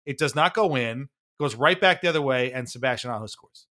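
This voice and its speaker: A man's voice: mid-range voice, animated, a little fast, bright, forceful tone. A man co-hosting a sports podcast, ranting in exasperation with frequent swearing and laughs. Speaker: podcast co-host. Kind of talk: casual sports talk.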